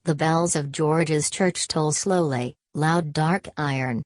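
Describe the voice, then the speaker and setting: A woman narrating a novel aloud in a measured, even reading manner. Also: low-pitched, no echo. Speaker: audiobook narrator. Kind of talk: scripted literary narration.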